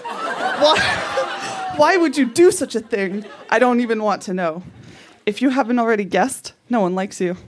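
A woman's voice: a little high, lively intonation, unhurried, background noise. A woman on a live theatre stage, reading aloud her own indignant schoolgirl letters with comic emphasis. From Canada.

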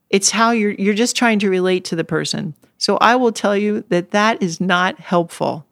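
A woman's voice: medium pitch, moderate pace, gravelly, a bit bright, no room sound, clean studio sound. A middle-aged woman in a casual interview, talking in an earnest, reflective way and now and then laughing or getting choked up. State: choked up at times. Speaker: interview guest.

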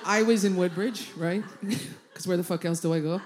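A woman works a comedy stage, telling loud family stories full of swearing. Her lines land in short, punchy bursts. Faint background noise sits under the voice. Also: on the low side, moderate pace. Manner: brash, swearing, punchy storytelling. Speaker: stand-up comedian. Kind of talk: stand-up comedy set. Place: comedy club stage, audience laughing.

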